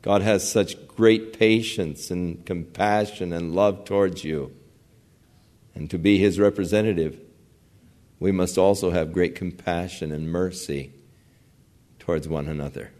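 A man's voice: deep voice, steady tone, unhurried, a little mellow. A man preaching a sermon in a conversational, storytelling way, building up to emphatic passages. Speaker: pastor.

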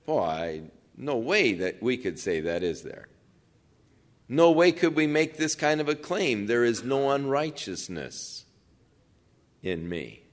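A man of middle pitch delivers a verse-by-verse sermon. He reads scripture aloud and then explains it conversationally. Along the way he briefly acts out what the crowd in the passage says. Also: sing-song, slow. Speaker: preacher.

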